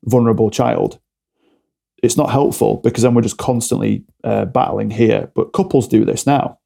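A man's voice: mid-range voice, steady tone, normal speed, gravelly, warm tone. A man talking candidly as a podcast guest, often acting out little back-and-forth dialogues to explain a point. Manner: explains with acted-out mini dialogues. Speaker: podcast guest, alcohol-free coach.

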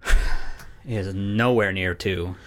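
A man's voice: low-pitched, fairly even intonation, takes it slowly, a bit bright. A young man co-hosting a podcast, rambling through casual chat with lots of filler and free swearing. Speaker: podcast co-host.

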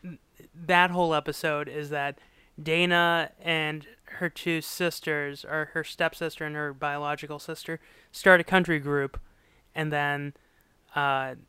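A man with a slightly high, clear and resonant voice, recorded with no room sound, co-hosts a casual podcast. He animatedly retells a sitcom episode, acting out the quotes and laughing often.

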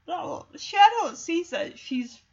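A woman's voice: extremely high pitch, animated, slow pace. A woman casually retelling a movie in a chatty, emotional way with lots of fillers. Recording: dull lo-fi recording.

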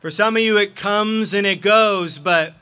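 A man's voice: high-pitched, measured pace, bright, forceful tone, smooth. A man preaching a sermon as pastor, earnest and impassioned.

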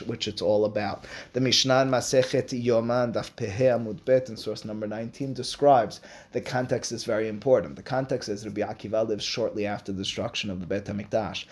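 A man teaching a Torah class as its regular teacher, lecturing in an animated, emphatic way and often asking rhetorical questions. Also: on the low side.

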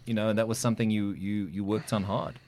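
A man's voice: lowish voice, level tone, fast, a little mellow. A man hosting a podcast interview, chatty and joking, often correcting himself. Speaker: podcast host. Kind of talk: casual interview chat.

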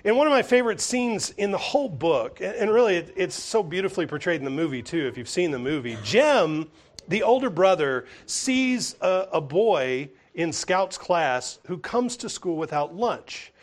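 A man preaching a sermon who retells a story in an animated way, now and then restarting a phrase. His voice sits fairly high and swings widely in pitch as he speaks. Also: moderate pace. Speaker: pastor.

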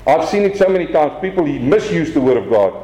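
A man with a South African accent preaching a lively sermon from the pulpit. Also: on the high side, a little fast, reverberant, poor audio. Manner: animated preaching, swings from quiet to raised. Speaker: pastor.

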